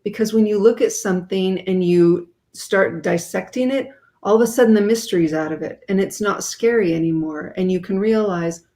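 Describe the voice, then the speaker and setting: A woman's voice: mid-range voice, normal speed, a little mellow. A woman speaking as a guest author in an interview, explaining her ideas in an earnest way.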